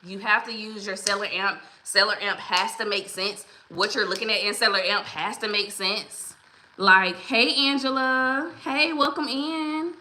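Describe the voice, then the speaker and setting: A woman's voice: medium pitch, fairly even intonation, moderate pace, few pauses, bright, forceful tone, slight background noise. Chatty woman hosting a livestream. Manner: chatty, encouraging, greets viewers by name. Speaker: livestream host. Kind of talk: casual livestream chat. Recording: roomy echo.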